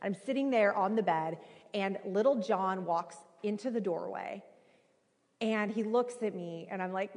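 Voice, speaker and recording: Woman in her thirties, conversational sermon, animated, filler words, echoing church hall. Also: mid-range voice, measured pace. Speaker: preacher. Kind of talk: sermon with personal story. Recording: reverberant hall.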